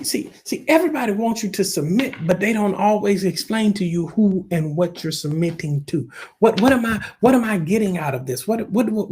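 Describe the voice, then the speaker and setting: Male pastor with Southern accent, husky voice, preachy and repetitive, swinging loud to soft. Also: high-pitched. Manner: preachy call-and-response, repeats words, swings loud and soft. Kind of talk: sermon.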